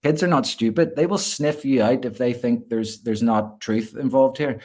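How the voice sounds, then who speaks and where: A man's voice: mid-range voice, moderate pace, darkish tone. A man, a gymnastics coach, talking earnestly as a guest in a casual interview, often repeating words as he restarts.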